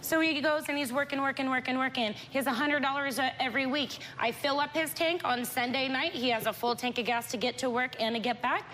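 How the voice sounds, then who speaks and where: A woman guest on a talk show, telling her story in a rapid, indignant way. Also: high-pitched, steady tone, bright, forceful tone, a little hiss or hum. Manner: rapid, indignant, acts out quotes. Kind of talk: emotional storytelling.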